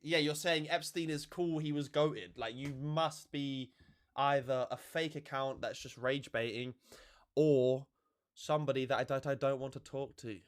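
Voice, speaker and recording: A man's voice: mid-range voice, a little slow, clean tone. A man hosting a casual livestream, talking to viewers in a sarcastic, swearing, offhand way. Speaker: livestream host.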